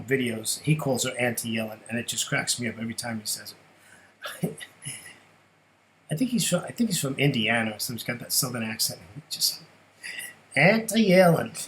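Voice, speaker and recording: A middle-aged man giving a casual trading lesson over his charts, chatty and quick to ask rhetorical questions, tagging "right?" onto his points. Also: mid-range voice, slight background noise, rough recording. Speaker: forex trading educator.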